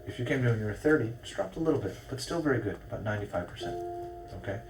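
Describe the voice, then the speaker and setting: A man working as a fertility doctor, explaining things briskly to a patient and checking that she follows. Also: medium pitch, animated, distant mic, music in the background. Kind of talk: consultation with a patient.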